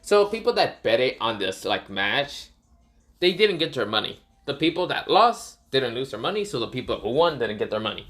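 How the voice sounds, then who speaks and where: A man's voice: medium pitch, sing-song, normal speed, a bit bright. A man casually retelling a fan story, rambling with many fillers and self-corrections.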